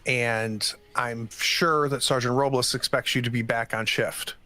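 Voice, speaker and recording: A man's voice: mid-range voice, fairly even intonation, unhurried, bright, forceful tone, no echo, pitched below the performer's own voice. A man voicing a stern female station doctor who gives clipped, scolding orders.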